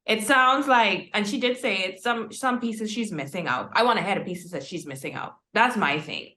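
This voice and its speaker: A woman's voice: medium pitch, expressive, moderate pace, pushed and bright, echoey room. A woman guest on a news show, chatting casually and puzzling over the story with pointed questions. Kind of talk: casual chat.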